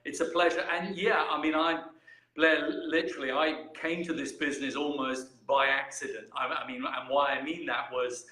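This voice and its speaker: A man, a guest on a live video stream, friendly and polite and quick to laugh. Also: a little high, steady tone, pushed and bright, roomy sound, rough recording.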